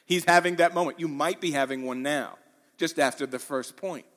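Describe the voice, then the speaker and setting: Man preaching, animated, acts out quotes, bright forceful voice, higher pitch, long hall reverb. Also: normal speed. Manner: animated, acts out quoted lines with rising intensity. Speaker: pastor. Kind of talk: sermon.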